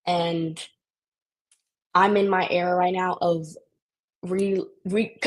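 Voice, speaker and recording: A woman talking as a podcast guest in animated, casual conversation, often restarting her sentences. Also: fairly low pitch, breathy edge.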